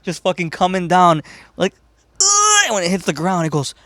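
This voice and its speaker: A man's voice: high-pitched, fairly even intonation, normal speed, pushed and bright, no room sound. A man from Chicago hosting a podcast, telling a story casually and profanely, rambling and laughing as he goes. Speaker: podcast host.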